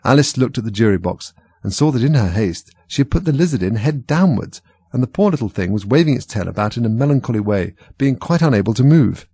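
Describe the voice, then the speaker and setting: A man reading a storybook aloud, expressive. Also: medium pitch, fast, slightly rough, dry recording. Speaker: narrator.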